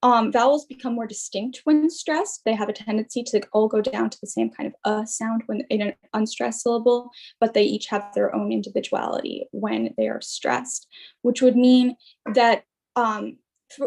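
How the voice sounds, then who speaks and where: Young woman presenting research over a video call, a bit high, lots of "um"s. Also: darkish tone. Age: young adult. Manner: explanatory, with frequent fillers and restarts. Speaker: student presenter. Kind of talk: academic presentation.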